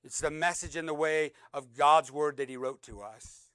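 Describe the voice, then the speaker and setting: High-voiced man preaching a dynamic sermon. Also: normal speed, clear, resonant tone, no echo. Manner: dynamic preaching, rising loud on emphasis and dropping soft; reads scripture aloud, repeats words for emphasis. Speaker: pastor.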